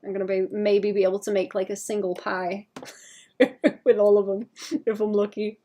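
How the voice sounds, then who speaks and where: A woman talks casually to her stream audience while she draws. She speaks softly and wanders from thought to thought, filling gaps with "like" and breaking into light laughs. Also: mid-range voice, level tone, normal speed. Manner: soft-spoken, rambling, laughs often, many "like" fillers. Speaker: art streamer. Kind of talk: casual chat while drawing.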